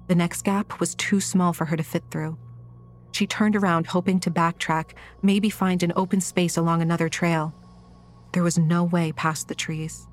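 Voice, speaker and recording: A woman reading a horror audiobook in a measured, scripted narration style. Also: lowish voice.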